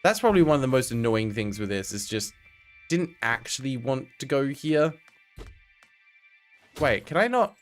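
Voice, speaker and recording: A young man keeps up loose live-stream commentary as he plays. His voice sits mid-height but swings widely, and he tosses wry remarks and the odd curse at his chat. Quiet game music runs underneath. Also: mid-range voice, very animated, normal speed, long pauses. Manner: chatty, talks to himself and to chat, wry asides, swears.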